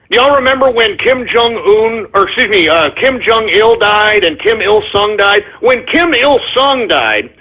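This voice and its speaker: A man's voice: high voice, husky. A man hosting a talk radio show, delivering a brash, profane, mocking monologue. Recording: tinny phone-like internet radio audio.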